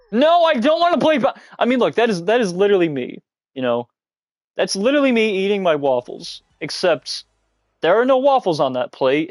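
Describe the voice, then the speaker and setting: Excitable high-voiced male streamer. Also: dry recording. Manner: excitable, giggly, shouts movie catchphrases. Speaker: livestreamer. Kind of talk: casual gaming livestream chat. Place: at home, mom nearby.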